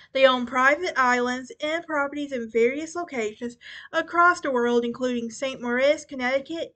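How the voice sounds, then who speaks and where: A woman's voice: fairly high pitch, sharp tone. A young woman hosting a casual true crime podcast, chatty and often stumbling and restarting over names. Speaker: podcast host.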